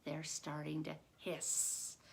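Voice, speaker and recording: A middle-aged woman, a former teacher, telling a personal story with vivid, dramatic pacing that builds into loud excitement. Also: low voice, slow, vocal fry. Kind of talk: told personal story at a contest.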